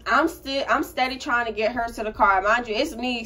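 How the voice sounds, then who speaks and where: A young woman co-hosting a casual storytime vlog, animated, swearing freely and laughing as she tells it. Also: fairly high pitch, fairly quick. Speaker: co-host telling a story.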